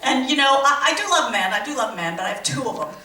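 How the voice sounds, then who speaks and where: High-voiced woman comic in an echoey room. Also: big pitch swings, fast, sharp tone, distant mic. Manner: punchy joke delivery with rhythmic repeated lines. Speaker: stand-up comedian. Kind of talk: stand-up comedy set. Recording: echoey room, from afar, noisy.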